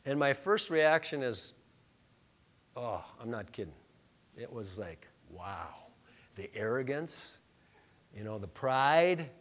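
A man preaching a sermon, telling a personal story in a conversational, joking way, dropping to soft murmurs and rising to loud emphatic lines. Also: medium pitch, big pitch swings, takes it slowly, long pauses. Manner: conversational, self-deprecating, jokey asides. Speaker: pastor.

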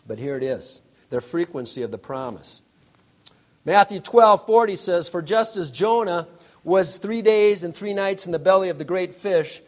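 A middle-aged man preaching a sermon, telling a story with frequent laughs before turning to scripture. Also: sits high. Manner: storytelling, animated, laughing often. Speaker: pastor.

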